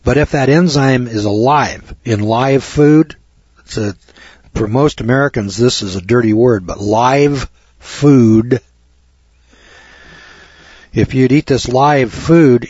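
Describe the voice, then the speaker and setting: A man's voice: mid-range voice, a little slow, a little mellow, husky, no room sound, highs cut off. A man giving a lecture, reading aloud from a text and adding emphatic, preachy commentary with mocking asides to his audience.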